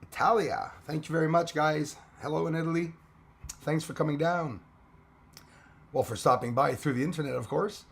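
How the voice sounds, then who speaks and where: Man, hoarse, raspy and gravelly, live stream host, casual chat greeting viewers. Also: a little high, fairly even intonation, normal speed, fairly bright tone. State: hoarse, losing his voice.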